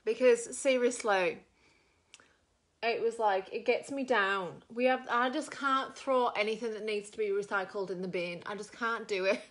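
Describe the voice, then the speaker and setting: A woman's voice: fairly high pitch, normal speed. Chatty Australian woman, rambling storyteller. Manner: rambling, animated storyteller with lots of filler. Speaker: makeup vlogger. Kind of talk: chatty storytelling while doing makeup.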